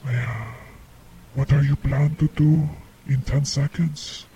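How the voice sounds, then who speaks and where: Slow deadpan mock-solemn male host. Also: mid-range voice, a little hiss or hum. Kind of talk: comedic radio call-in bit.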